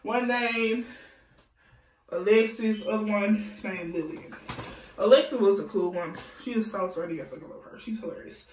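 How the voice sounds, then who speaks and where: A young adult woman telling a casual storytime vlog, animated and profane, laughing often. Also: mid-range voice, moderate pace, distant mic. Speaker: vlogger. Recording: echoey room, voice off-mic.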